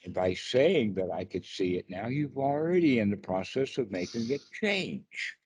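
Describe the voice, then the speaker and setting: Husky man teaching slowly on a call. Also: mid-range voice, lively intonation, a little mellow, dry recording. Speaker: meditation teacher. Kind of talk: casual dharma chat on a call. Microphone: video call.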